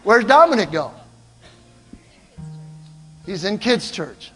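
An older man preaching a sermon, telling stories in an animated way and calling out to the congregation. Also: high-pitched, slow pace, big-room sound, soft background music. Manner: animated storytelling, calls out to the congregation. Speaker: pastor. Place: church.

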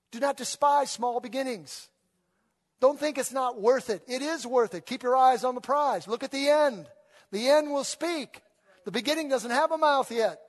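A man preaching an animated sermon, exhorting and calling his congregation to read along. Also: very high-pitched. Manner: animated, rising to loud exhortation, call-and-response with congregation. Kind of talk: energetic sermon. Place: church sanctuary. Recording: long reverb of a large hall.

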